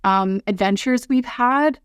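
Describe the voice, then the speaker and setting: A woman's voice: fairly high pitch, measured pace, clear, resonant tone, no echo. A woman guest on a podcast, speaking earnestly and from the heart, often restarting her sentences.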